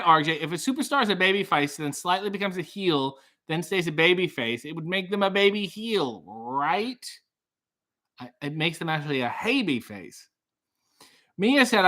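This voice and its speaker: A man running a casual live stream, reading viewer comments with dry, deadpan asides that trail off. His voice sits a little high for a man and sounds bright and forceful. He turns loud and upbeat when he greets a guest. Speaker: livestream host.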